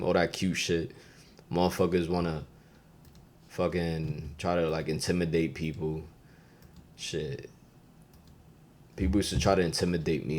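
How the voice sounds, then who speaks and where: A man with a New York accent hosting a podcast, teaching slang in a loose, profane, animated way and getting loud when he acts out phrases. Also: low voice. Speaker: podcast host. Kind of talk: casual podcast lesson.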